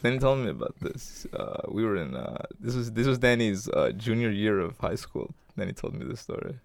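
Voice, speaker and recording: Male co-host, animated teasing sidekick, dry close mic. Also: fairly low pitch, gravelly, no room sound. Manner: teasing, laughing, quick to chime in. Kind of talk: casual chat.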